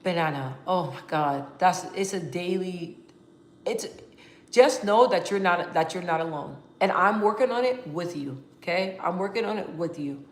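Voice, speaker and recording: A woman vlogging casually to her viewers, talking in an animated, emphatic way with slang and frequent restarts. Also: lowish voice, moderate pace, echoey room. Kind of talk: casual talk to camera.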